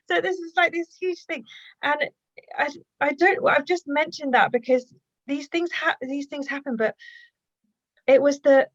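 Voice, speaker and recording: Woman guest, reflective storyteller, muffled dry video-call sound, halting and earnest. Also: sits high, no room sound. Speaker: guest, healer and author. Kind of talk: personal storytelling in conversation.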